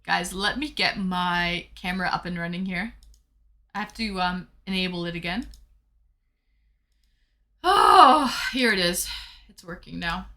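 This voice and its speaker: A woman's voice: fairly low pitch, measured pace, long pauses, bright, forceful tone. A woman streamer hosting viewers in casual live-stream chat, talking in an effusive, playful way.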